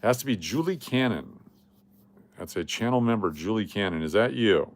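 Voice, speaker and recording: On his casual coin giveaway stream, the middle-aged Las Vegas, Nevada host reads viewer comments aloud and chats. He speaks at normal speed in a lowish voice with lively intonation.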